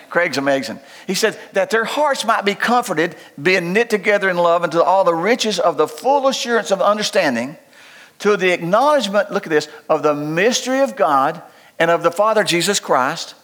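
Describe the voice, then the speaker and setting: An older pastor preaches in a folksy, joking way. His voice sits high for a man. He rises into loud preaching and drops into quiet asides. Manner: folksy and humorous, swings between loud preaching and low asides. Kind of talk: sermon.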